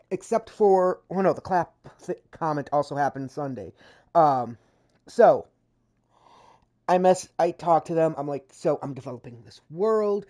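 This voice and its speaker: A woman's voice: on the low side, dark tone. A woman streamer chatting casually over gameplay, rambling with frequent fillers and self-corrections. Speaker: gaming streamer.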